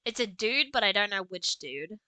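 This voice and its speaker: A woman's voice: medium pitch, expressive, normal speed, pushed and bright, no echo. A woman streamer playing a game live, chatting casually, playful and grumbling at what happens.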